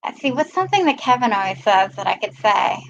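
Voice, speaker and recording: A woman's voice: medium pitch, sing-song, quick pace, creaky, dull audio. A woman hosting a casual live stream, chatting and greeting viewers by name. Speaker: live-stream host filling in.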